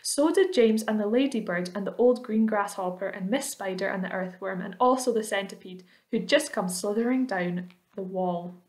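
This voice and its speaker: A woman's voice: medium pitch, normal speed, hardly any pauses, darkish tone. Woman reading a children's book aloud. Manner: friendly, explaining to children. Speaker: storyteller.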